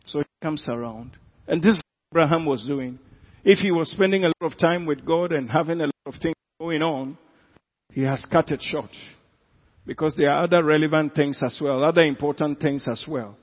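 Husky Ghanaian pastor preaching in an echoey hall. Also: male voice, a little high. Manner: preaching with sudden loud bursts and drawn-out emphasis. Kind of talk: sermon. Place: church hall. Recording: echoey hall, dull lo-fi sound.

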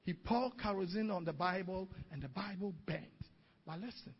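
Male pastor, animated sermon storyteller; husky tone, dull, muffled sound. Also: high voice, normal speed. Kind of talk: sermon with testimony. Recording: dull recording in a reverberant hall.

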